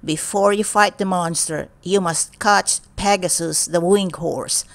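A woman's voice: lowish voice, steady tone, a little slow. A woman voicing a strange old female fortune teller who gives a solemn warning.

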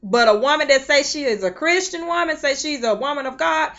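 A woman delivers a sermon with passion, her bright, sharp voice sitting a little high. She swings between loud, rising praise and quiet, low asides, sometimes slipping into tongues. The recording sounds dull and lo-fi. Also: a little fast. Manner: impassioned preaching with sudden loud swells and soft drops; speaks in tongues between phrases. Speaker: preacher.

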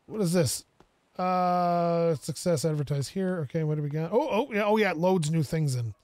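A young man giving casual let's-play commentary, excitable and self-mocking, talking to himself as he plays. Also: on the high side, normal speed, no echo. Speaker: gaming video creator.

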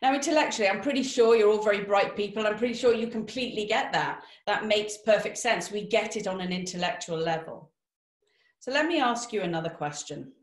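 A woman giving a motivational webinar talk, lively and direct, asking the audience questions. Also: mid-range voice, roomy sound. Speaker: webinar speaker.

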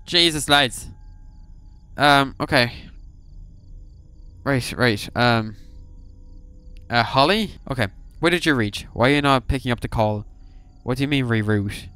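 A man's voice: mid-range voice, unhurried, pauses often, sharp tone, clean tone. A young man playing a horror game for video, reacting with sudden swearing and reading the game's text aloud. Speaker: gaming YouTuber. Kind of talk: horror game let's play commentary.

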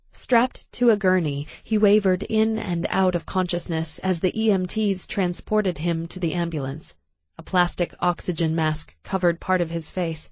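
A woman narrating an audiobook in a calm, measured way. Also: fairly low pitch, dry recording, highs cut off. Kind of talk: scripted narration.

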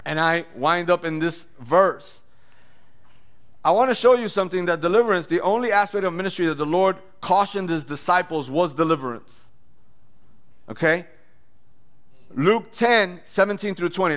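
A man preaching a sermon as a pastor and sharing his testimony, animated and acting out voices with loud bursts. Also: high-pitched, moderate pace, pauses often.

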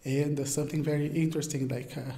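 A man's voice: fairly high pitch, little pitch movement, fast talker, mellow. A young Brazilian man with a Brazilian Portuguese accent and Portuguese as his first language, answering interview questions in English in a hesitant way, often searching for words. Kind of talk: casual interview talk. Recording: roomy echo.

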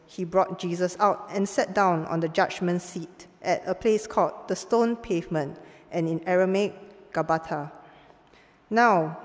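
A woman giving a formal Bible reading in a church service, measured and clear, lifting her voice for the quoted lines. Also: fairly low pitch. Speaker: scripture reader. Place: church sanctuary. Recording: long church hall reverb.

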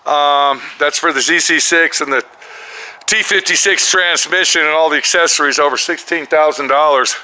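A man's voice: fairly high pitch, normal speed, pushed and bright, low-quality recording. A man hosting a vlog at his car shop, ranting angrily and cursing in exasperation, with music playing under his voice. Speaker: mechanic and channel host. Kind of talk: casual vlog walkthrough.

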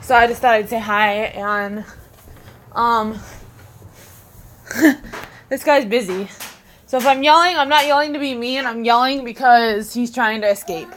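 A woman's voice: a little high, moderate pace, long pauses, fairly bright tone, slight background noise. A woman babysitting while she chats casually on a live stream, rambling, repeating herself and laughing often, recorded indoors at a home.

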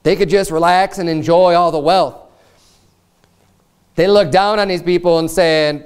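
A man's voice: high voice, fairly even intonation, normal speed, clean tone. Earnest preaching pastor, man. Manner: earnest, emphatic preaching with repeated phrases; reads scripture aloud in formal old style. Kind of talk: sermon.

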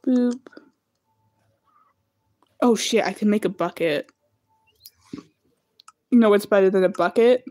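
A woman's voice: mid-range voice, slow, pauses often, warm tone. A woman streaming a video game, chatting casually with friends, easily startled, laughing and swearing as she plays. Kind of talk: casual gaming commentary.

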